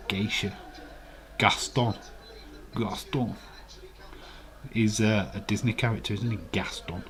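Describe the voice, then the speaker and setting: A man's voice: fairly low pitch, a bit bright. A man with a Yorkshire accent, hosting a live watch-along stream and chatting casually, teasing viewers in the chat. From England.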